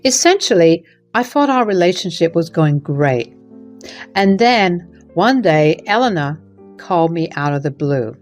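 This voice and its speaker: A woman's voice: on the low side, big pitch swings, measured pace, a little mellow, soft background music. A woman reading a first-person story as narrator, in an earnest, emotional way.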